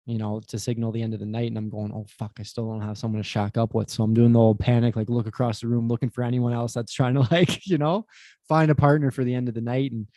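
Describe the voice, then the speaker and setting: A man's voice: medium pitch, fast talker, no room sound. A man telling a profane story, dry close mic. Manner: animated, profane, acts out quotes. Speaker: podcast guest. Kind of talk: casual storytelling chat.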